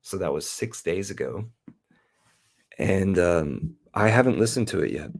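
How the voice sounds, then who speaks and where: A low, gravelly-voiced man hosts a loose live chat. He talks slowly, circling back and interrupting himself as he rambles. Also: expressive. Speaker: podcast host.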